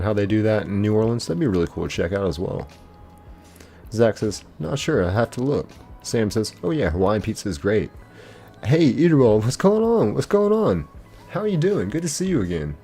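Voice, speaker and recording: A young man hosting a live game stream, chatting casually and reading out viewer comments. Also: fairly low pitch. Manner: laid-back, chatty, greets viewers warmly by name. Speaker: livestream host.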